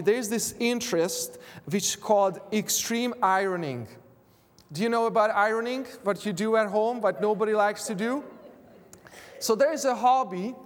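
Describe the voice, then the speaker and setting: A man gives a sermon in a high-pitched voice, often halting with fillers and restarting his sentences. His words ring out with a long reverb, as if spoken in a large church hall before a congregation. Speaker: preacher. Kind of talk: sermon with personal anecdote.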